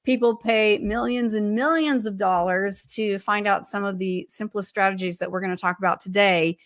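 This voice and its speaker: A woman co-hosting a podcast, her voice hoarse and froggy after losing it, upbeat and laughing often. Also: mid-range voice, steady tone, normal speed, dry recording, studio quality. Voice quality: husky, froggy. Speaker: co-host. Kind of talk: casual podcast chat.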